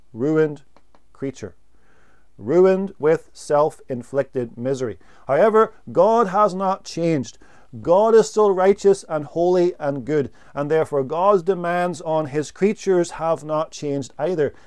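Male preacher, slightly high and smooth; unhurried sermon delivery that leans hard on single words. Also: darkish tone. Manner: slow, deliberate preaching with emphatic pauses on single words.

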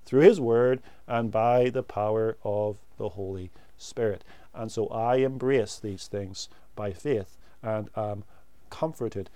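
Slow, emphatic male preacher. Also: medium pitch, dark tone, clear, resonant tone, no echo. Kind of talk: sermon.

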